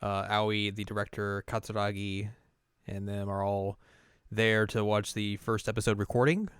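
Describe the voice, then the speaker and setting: A man with a low, smooth voice recaps an anime in a loose, rambling way, full of fillers and little acted-out quotes. The recording is close and dry, with no room sound. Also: little pitch movement, normal speed, a bit bright, no room sound. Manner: rambling, lots of fillers, acts out characters. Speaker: host. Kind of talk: casual anime recap chat.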